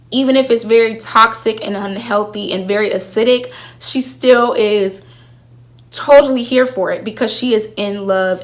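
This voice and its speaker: A young woman vlogging in a casual, animated way, slangy and full of rhetorical questions. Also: mid-range voice. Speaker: vlogger reviewing a TV show. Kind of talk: casual chat to camera.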